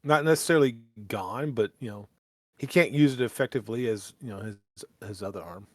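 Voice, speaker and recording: A man's voice: medium pitch, a little fast, no room sound, clean studio sound. Jokey man at a tabletop game. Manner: jokey, laughs easily, asks the game questions. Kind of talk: casual tabletop game play.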